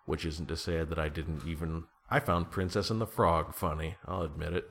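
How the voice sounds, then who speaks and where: Very low-voiced man rambling casually. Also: steady tone, a little fast, hardly any pauses, a bit bright. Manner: rambling, self-deprecating, trails off with fillers and restarts. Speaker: guest being interviewed. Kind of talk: casual conversation.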